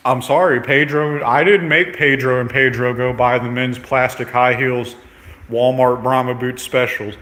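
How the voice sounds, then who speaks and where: A man's voice: mid-range voice, steady tone, measured pace, fairly bright tone. A man ranting in a brash, profane, comedic vlog, repeating himself and tagging lines with "okay?". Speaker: vlogger. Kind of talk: rambling comedic rant.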